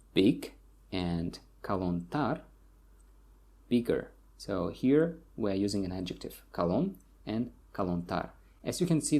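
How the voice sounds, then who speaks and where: A man from Tajikistan with a Tajik accent, explaining word stress to learners and repeating each example word slowly. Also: lowish voice, vocal fry, warm tone, slightly rough. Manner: slow, repeats words for learners. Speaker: language teacher. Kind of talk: explaining pronunciation lesson.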